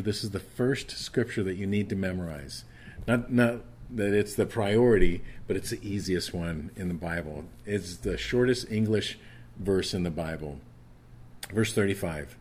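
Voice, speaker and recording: A man's voice: low-pitched, normal speed, a little mellow, breathy edge. A middle-aged man preaching a sermon in an earnest, conversational way, often restarting his sentences. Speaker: pastor.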